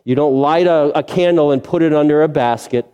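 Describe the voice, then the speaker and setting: A man's voice: a little high, brisk, warm tone, clear, resonant tone, highs cut off. A male pastor preaching a sermon earnestly, asking rhetorical questions and repeating key phrases. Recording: long reverb of a large hall.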